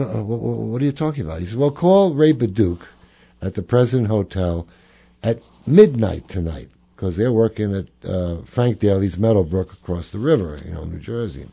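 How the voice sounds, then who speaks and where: A man's voice: lowish voice, expressive, normal speed, gravelly, warm tone, breathy edge. An older man, a jazz clarinetist, reminiscing in an interview, rambling with fillers and restarts.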